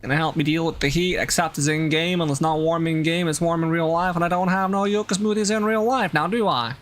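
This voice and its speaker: A man putting on a made-up accent, playing a brash, rambling guy who talks loudly and swears mildly. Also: fairly high pitch, steady tone, fairly quick, voice pushed up, natural voice. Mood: chatty. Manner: loud, chatty, swears mildly.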